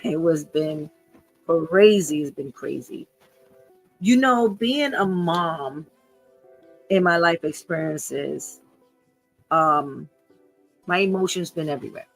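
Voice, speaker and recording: A woman's voice: low voice, vocal fry, fairly bright tone, poor audio. A woman in her fifties hosting an unscripted livestream podcast, talking in an earnest, emotional way and often repeating herself. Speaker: podcast host.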